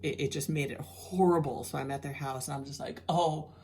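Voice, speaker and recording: Low-pitched woman, middle-aged, worn-out, chatty candid vlog update. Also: fairly even intonation, brisk, darkish tone, slightly rough. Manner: chatty and candid, with frequent laughs and restarts. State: worn out and tired. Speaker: vlogger sharing a health journey. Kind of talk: casual personal video update.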